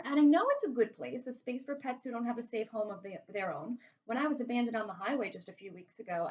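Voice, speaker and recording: A woman reading a children's novel aloud in a casual, chatty first-person storytelling way. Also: medium pitch. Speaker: reader. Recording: slightly muffled lo-fi recording.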